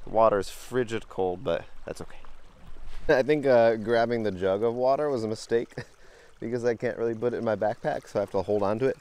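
A man's voice: mid-range voice, brisk, a little mellow. A man, vlogging outdoors as he wades a creek, talking casually to a handheld camera, easily delighted and laughing often. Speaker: vlogger bottle hunting in a creek.

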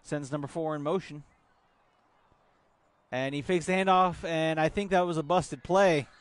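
A man calling youth football play-by-play outdoors at a field, relaxed, with filler words. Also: fairly high pitch, unhurried. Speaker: play-by-play commentator.

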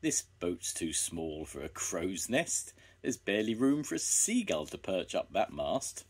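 A man's voice: low voice, very animated, measured pace, husky, heavily acted. An older man voicing a wizened, wry old boatman in a storybook reading. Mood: amused.

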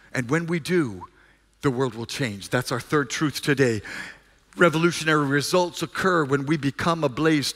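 A male pastor preaching a sermon, mixing jokes and sudden shouts with earnest calls. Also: fairly high pitch, long reverb tail.

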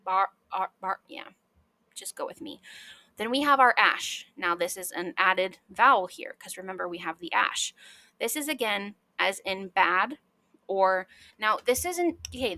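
A woman's voice: medium pitch, sharp tone, dry recording. A young adult woman hosting a podcast, explaining sounds and letters with enthusiastic, chatty asides. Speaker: podcast host. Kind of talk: casual educational podcast.

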